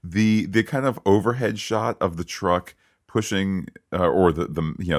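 A man co-hosting a podcast, recapping a TV episode in casual, animated chat with frequent restarts and asides. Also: deep voice, measured pace, hardly any pauses, no echo, studio quality. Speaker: podcast co-host.

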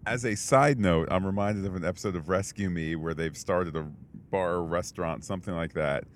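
A man with a low, deep voice co-hosting a casual podcast. He tells his story in a rambling way, full of fillers and restarts. A faint low rumble sits behind him. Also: normal speed. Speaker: podcast co-host. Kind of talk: casual chat.

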